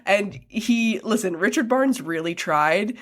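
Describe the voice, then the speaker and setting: A woman's voice: medium pitch, expressive, measured pace. Chatty woman podcast co-host. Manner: chatty, laughs often, many ums and likes. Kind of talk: casual film review chat.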